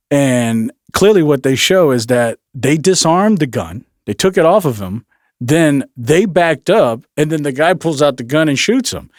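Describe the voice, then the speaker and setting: A man's voice: on the high side, dry recording, studio quality. A man co-hosting a podcast in casual chat, rambling and laughing between his points. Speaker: podcast co-host.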